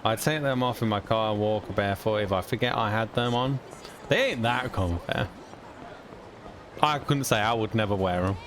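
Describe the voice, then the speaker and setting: A young British man talks casually over his game stream, rambling with regular chuckles and mild cursing. His voice is on the low side and fairly bright, at a moderate pace, with a little hiss or hum in the background.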